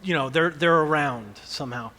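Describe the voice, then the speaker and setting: Animated preacher in a reverberant hall. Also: male voice, fairly high pitch, moderate pace. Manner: animated storytelling, acting out screams. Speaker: pastor. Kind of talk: sermon.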